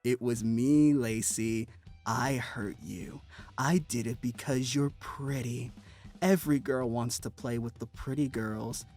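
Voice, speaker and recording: Play a creepy, unhinged woman wrestler as a man putting her on. Keep it low, hushed and slow, with a childlike menace. Soft music plays faintly behind.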